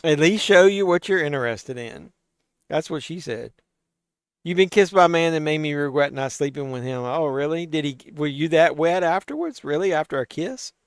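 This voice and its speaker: A man with a fairly high, smooth, expressive voice hosts a live watch-along stream from a home desk mic, reading and reacting to chat at a normal speed. Tipsy from drinking, he's loose and swears freely, and the sound is dry and close with no room sound.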